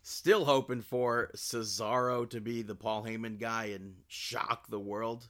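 A man co-hosting a casual podcast, making picks in a relaxed way and laughing at his own jokes. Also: medium pitch, unhurried. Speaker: podcast co-host. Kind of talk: casual wrestling podcast chat.

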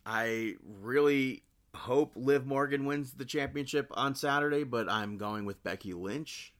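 A man co-hosting a casual podcast, making picks in a relaxed way and laughing at his own jokes. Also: medium pitch, unhurried. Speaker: podcast co-host. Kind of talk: casual wrestling podcast chat.

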